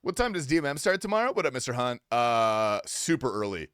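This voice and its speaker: A man's voice: mid-range voice, sing-song, a little fast, a bit bright, clean tone, no room sound. A young adult man streaming a game, talking casually with loose, profane, teasing banter to his chat on a close desk mic. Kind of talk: casual gaming livestream commentary.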